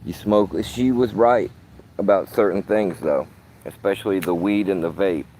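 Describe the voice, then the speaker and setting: A man's voice: deep voice, normal speed, warm tone, a little hiss or hum. A man talking casually to his phone camera in a park, rambling and swearing with streetwise slang. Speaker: vlogger.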